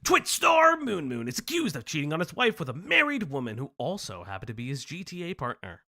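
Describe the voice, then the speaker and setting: Young guy streamer reading stuff out, bouncy voice, swears a lot, bright tone. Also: on the high side, brisk. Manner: animated, swearing, prone to joking asides. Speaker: stream host. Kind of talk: casual live-stream chat, reading news aloud.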